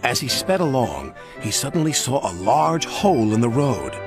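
A man narrating a children's story with a lively, expressive reading. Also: medium pitch, moderate pace, over music.

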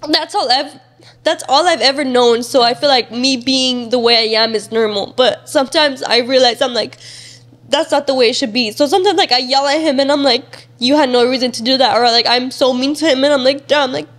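Candid young woman with a high voice. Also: a little fast, a bit bright. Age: young adult. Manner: casual and open, many fillers, near tears at times. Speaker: guest. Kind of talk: candid interview conversation.

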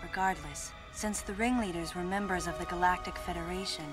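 Woman playing a quiet, low-voiced bounty hunter. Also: steady tone, a little fast, over music, lightly acted. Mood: subdued. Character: stoic female bounty hunter, grown woman. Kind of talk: game cutscene voice acting. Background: game score.

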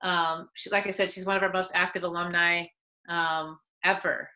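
A woman's voice: fairly low pitch, moderate pace, low-quality recording. A middle-aged woman, a soccer head coach, telling stories in a casual interview and acting out the people she quotes. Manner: animated, acts out quoted people.

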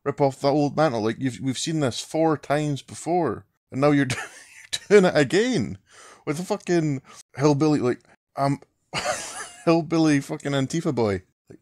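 A man's voice: a little high, wildly swooping pitch, a little slow, darkish tone, no room sound, studio quality. A man in a casual rant to camera, mocking and swearing a lot, laughing through his words. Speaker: vlogger.

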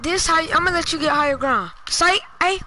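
A woman's voice: very high-pitched, quick pace, background noise. A woman trash-talking her opponent during casual gaming banter, taunting and slipping into sing-song chants.

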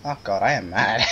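A man giving gameplay commentary, exclaiming and pleading with the game in exasperation. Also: lowish voice. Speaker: gamer. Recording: dull lo-fi mic with loud noise and clicks.

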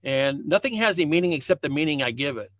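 A man coaching on leadership gives an inspirational talk via video call, set in a home room with a banner hung up behind him. He's a fast, animated talker with a slightly high, fairly bright voice on a dry recording, often repeating phrases and restarting.

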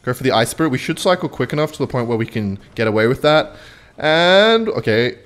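A young man talks through a strategy game in a loose, rambling way, jumping between game calls and a personal anecdote. His voice sits in a middle pitch but swings around a lot as he talks. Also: lively intonation, fairly quick, fairly bright tone. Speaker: gaming video creator. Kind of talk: casual gameplay commentary and storytelling.

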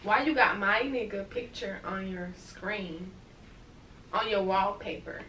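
A woman's voice: mid-range voice, takes it slowly, fairly bright tone, distant mic. A young woman in casual conversation that turns into an argument, blunt and confrontational, with lots of slang. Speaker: friend being pranked. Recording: echoey room, from off-mic, faint background noise.

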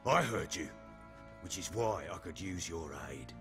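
A man's voice: low voice, lively intonation, a little slow. An actor playing a boastful middle-aged warlord baron in a video game, blustery and coarse as he tells his stories. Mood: gruff. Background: game music.

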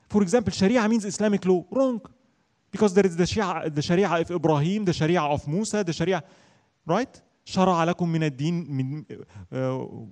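A man teaching a religion class in an emphatic lecturing style, often asking a question and answering it himself. His voice sits high for a man but sounds dark and mellow in tone. He recites Arabic verses at a quick clip. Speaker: Islamic studies teacher.

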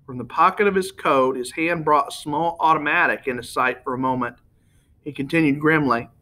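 A man's voice: mid-range voice, moderate pace, sharp tone. A man reading a novel aloud as an amateur audiobook narrator, with small slips that he corrects as he goes. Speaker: audiobook reader.

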